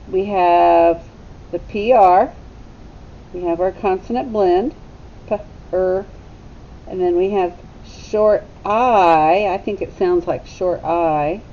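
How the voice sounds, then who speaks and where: A woman teacher giving a phonics lesson to young children, sounding out letters slowly and deliberately. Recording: slightly dull recording with faint rumble.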